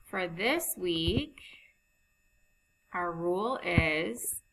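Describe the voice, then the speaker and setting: A woman teaching a phonics lesson over slides, reading rules and example sentences slowly and deliberately. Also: on the low side, gravelly, sharp tone, slight background noise, rough recording.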